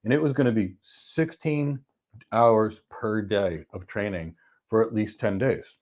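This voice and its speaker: A man co-hosting a podcast, talking in a measured, deliberate way and slowing down on emphatic phrases as he tells a story. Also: lowish voice, a little mellow. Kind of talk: casual conversation, storytelling.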